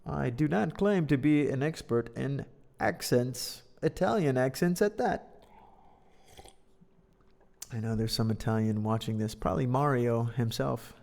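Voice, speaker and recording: A man's voice: medium pitch, animated, measured pace, gravelly, darkish tone. Playful man reading a story aloud. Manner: playful, joking, self-deprecating. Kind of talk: casual read-aloud with commentary. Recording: long reverb.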